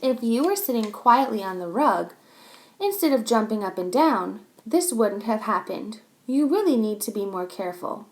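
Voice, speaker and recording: A woman voicing a calm, firm schoolteacher in a storybook reading, patient and steady. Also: fairly high pitch, moderate pace.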